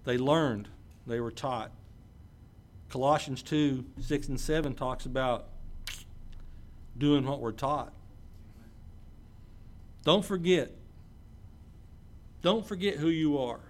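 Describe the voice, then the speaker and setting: A man's voice: medium pitch, takes it slowly, pauses often. A man preaching a sermon, reading scripture and breaking into conversational asides to check in with his listeners.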